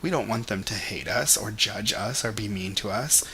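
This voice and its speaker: A man's voice: lowish voice, normal speed, bright, forceful tone, a little hiss or hum. A young man talking in a casual vlog monologue, rambling and candid, with lots of "like" and "you know". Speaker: vlogger.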